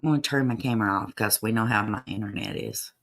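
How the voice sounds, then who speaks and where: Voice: medium pitch, fast talker, vocal fry, a bit bright. A livestream host giving loose, chatty commentary over archive clips, with fillers and asides to chat.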